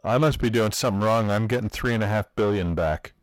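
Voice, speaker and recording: A man's voice: fairly low pitch, fast, dry recording, clean studio sound. A man in his forties joking around in casual banter as a co-host, slipping into silly voices. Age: 40s.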